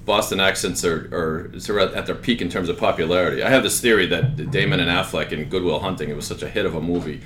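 A man's voice: low voice, quick pace, hardly any pauses, a bit bright, slight background noise. A man hosting a podcast, chatting and playfully arguing with his cohosts. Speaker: podcast host. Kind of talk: casual chat.

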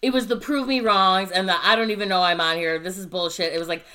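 A woman's voice: mid-range voice, fast talker, smooth. A woman co-hosting a casual podcast, ranting with heavy swearing and bursts of laughter. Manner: profane, animated ranting. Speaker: podcast co-host.

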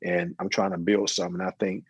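A middle-aged man, an interview guest and business owner, talking casually and telling his story with lively quoted dialogue. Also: low voice, quick pace, slightly rough, dry recording, poor audio. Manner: storytelling, animated when quoting others.

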